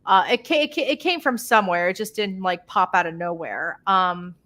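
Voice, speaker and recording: A woman's voice: mid-range voice, normal speed, a bit bright. A woman from the United States, a paranormal investigator chatting casually as an interview guest, full of fillers and easy laughs.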